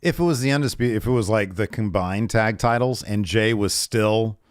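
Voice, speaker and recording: Excitable low-voiced man, lots of fillers. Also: moderate pace, no room sound, studio quality. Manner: excitable, hesitant with many fillers. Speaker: podcast co-host. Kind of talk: casual wrestling recap chat.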